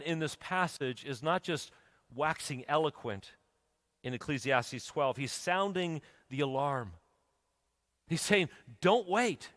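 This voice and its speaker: In the reverberant hall of a church sanctuary, a pastor with a mid-range, fairly bright voice preaches. He recounts a story and then builds toward urgent, emphatic appeals.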